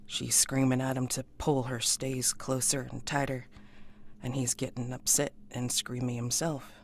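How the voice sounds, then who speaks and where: Slow, gravelly man game master. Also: mid-range voice, little pitch movement, slight background noise. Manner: slow, halting narration. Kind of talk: narrating a tabletop game.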